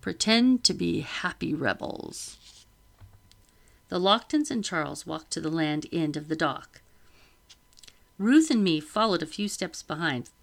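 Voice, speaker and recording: A woman reading a children's novel aloud with steady storytelling and occasional slips. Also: fairly low pitch. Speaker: reader.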